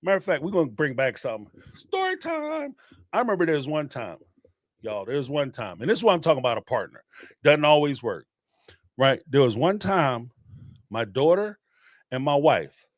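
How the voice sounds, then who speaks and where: A man's voice: medium pitch, animated, a little fast, dry recording, clean studio sound. A middle-aged man hosting a live call-in show, talking emphatically in casual slang and repeating phrases for emphasis. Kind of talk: casual spoken commentary.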